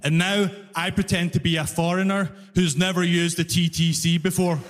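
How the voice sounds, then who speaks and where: A Glaswegian man doing stand-up with a fairly high voice, ranting and acting out both sides of an argument. His voice carries through a large hall with a long, lingering reverb. It is a live concert recording. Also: flat delivery, normal speed. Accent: Glaswegian Scottish. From Glasgow, Scotland. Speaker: stand-up comedian. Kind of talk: stand-up storytelling.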